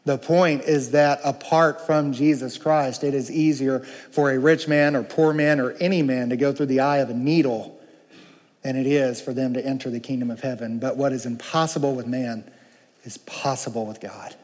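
A man preaching a sermon, emphatic, moving between slow, low passages and raised, urgent ones. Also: fairly even intonation, a little mellow, big-room sound.

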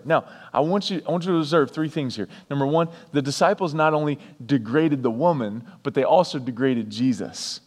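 A pastor preaching a sermon, repeating key lines for emphasis and breaking off for chatty asides. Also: male voice, fairly high pitch, a little fast, hardly any pauses, long reverb tail.

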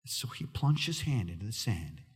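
Animated male pastor telling a story. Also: lowish voice, moderate pace, slightly rough. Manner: animated, acts out quoted voices, swings from loud excitement to hushed near-whisper. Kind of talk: sermon storytelling.

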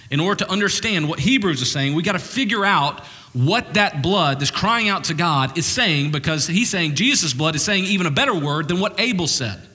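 A man pastor preaching a sermon to a congregation in an animated, conversational way, with jokey asides. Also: on the high side, big-room sound. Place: church hall with congregation.

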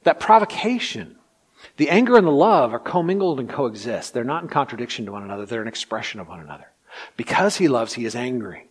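A man's voice: mid-range voice, very animated, fast talker, husky. Dynamic male pastor preaching. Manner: dynamic preaching, swings from loud to hushed, acts out quotes. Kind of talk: sermon.

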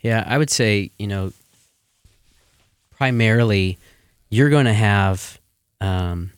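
A man speaking as a guest in a casual chat, earnest and relaxed, with many "you know" fillers. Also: on the low side, takes it slowly, smooth, no echo, studio quality.

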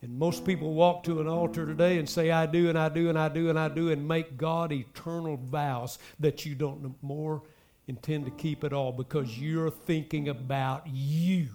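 A man preaching a sermon, speaking straight to the congregation with emphatic swells and soft drops. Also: on the high side, level tone, normal speed, soft background music. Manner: addresses the congregation directly. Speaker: pastor.

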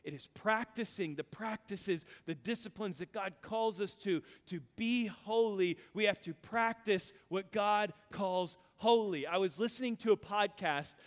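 A male pastor preaching a sermon, reading scripture aloud and then explaining it in an animated, humorous way. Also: sits high, measured pace, few pauses. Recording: long reverb of a large hall.

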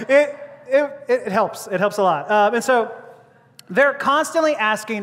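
A man's voice: extremely high pitch, animated, takes it slowly, a bit bright. A male preacher giving a sermon, joking and laughing as he talks, often restarting his words. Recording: long reverb of a large hall.

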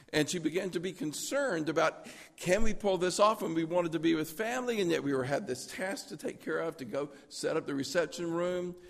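A man preaching a sermon as pastor, telling a personal story in an earnest way and going quiet for prayer. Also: on the high side, vocal fry, long reverb tail.

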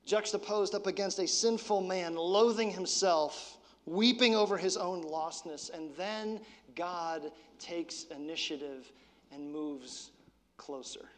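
High-voiced pastor preaching in a hall. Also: male voice. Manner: conversational preaching, drops to soft intensity. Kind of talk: sermon.

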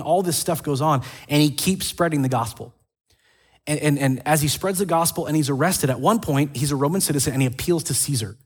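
A man preaching a casual sermon, retelling scripture stories in an animated way with quick asides. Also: fairly high pitch, slightly rough. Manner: animated storytelling with acted quotes and asides. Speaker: pastor.

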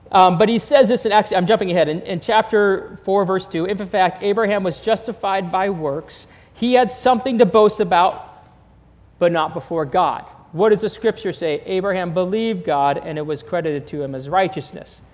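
A male pastor with a fairly high voice preaches in a casual, storytelling way. He throws rhetorical questions at the room. His words ring out with a long reverb, as in a large church hall. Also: a little mellow. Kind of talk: sermon.

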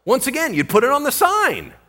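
A male pastor teaching a Bible sermon, animated and full of rhetorical questions. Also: very high-pitched, a little fast.

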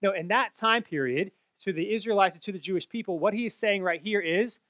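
High-voiced man teaching Scripture. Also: brisk, fairly bright tone, no echo. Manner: earnest, explanatory, with frequent self-corrections. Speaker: Bible teacher. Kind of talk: explaining a Bible passage.

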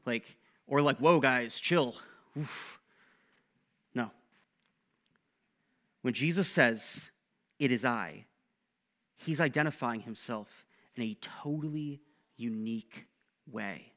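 A young man preaching a sermon in a conversational, animated way, often tossing in "right?" to the listeners. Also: medium pitch, slow pace, pauses often. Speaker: pastor.

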